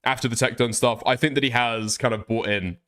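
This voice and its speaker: A man's voice: mid-range voice, steady tone, brisk, a bit bright. A male livestream host giving crude, incredulous reaction commentary and swearing heavily.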